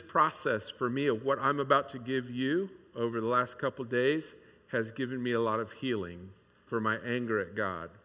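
A man's voice: medium pitch, normal speed, bright, forceful tone. A man preaching a sermon in a candid, conversational way, with many fillers and restarts. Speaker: pastor. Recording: long hall reverb.

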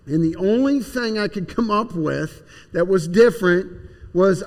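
A man's voice: high-pitched, expressive, measured pace. A man plainly and earnestly telling his personal testimony. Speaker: speaker giving personal testimony. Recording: long hall reverb.

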